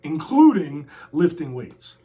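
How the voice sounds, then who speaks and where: A man's voice: a little high, very animated, slow pace, mellow. A man talking casually in an interview, brash and boastful with lots of slang and trash talk. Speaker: interview guest, former pro wrestler. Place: a house.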